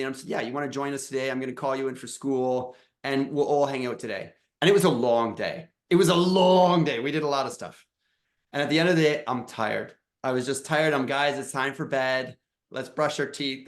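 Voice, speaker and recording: A man in his thirties sharing a personal story as a dad coach, emotional and halting, often restarting his words. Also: medium pitch. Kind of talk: personal storytelling in a podcast chat.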